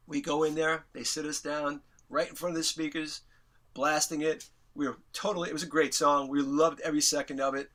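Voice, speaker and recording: A middle-aged man from New York, an interview guest, telling a story animatedly, acting out quotes with big jumps in pitch and swearing casually. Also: fairly even intonation, moderate pace, bright, forceful tone.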